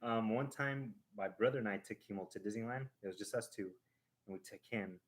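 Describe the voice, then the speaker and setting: A man hosting a live stream, casually telling a family story in an animated, rambling way full of restarts and sound effects. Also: fairly low pitch, fairly quick.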